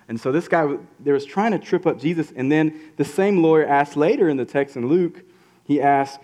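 A man's voice: medium pitch, brisk, darkish tone. A man preaching a casual sermon in a conversational way, acting out quotes in voices. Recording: reverberant hall.

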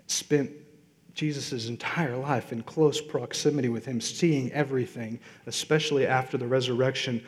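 A man preaching a sermon as pastor, building to loud emphatic peaks and asking his congregation questions. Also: medium pitch. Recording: long reverb of a large hall.

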